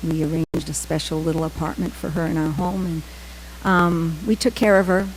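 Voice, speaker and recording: Lowish woman telling a story. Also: level tone, a little hiss or hum, rough recording. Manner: storytelling with acted-out quotes, many "um" pauses. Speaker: speaker giving a temple class. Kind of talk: scripture class with personal storytelling.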